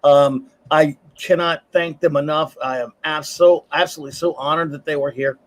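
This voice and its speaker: A man's voice: on the high side, fairly even intonation, moderate pace. A man hosting a casual livestream panel from his home computer, easygoing and chatty, calling his guests buddy. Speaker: livestream host.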